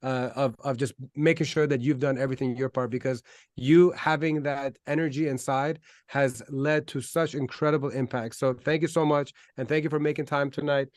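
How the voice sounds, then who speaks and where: A man's voice: mid-range voice, fairly even intonation, normal speed, a little mellow, no room sound, clean studio sound. A man hosting an online talk show, speaking enthusiastically with frequent ums and restarts. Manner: enthusiastic, hesitant with fillers. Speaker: host.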